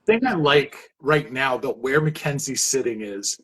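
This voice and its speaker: A man's voice: mid-range voice, very animated, moderate pace, fairly bright tone, breathy edge. A man hosting a casual livestream chat, reading viewer comments and telling funny anecdotes. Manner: storytelling, reads viewer comments aloud. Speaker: livestream host. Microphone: phone.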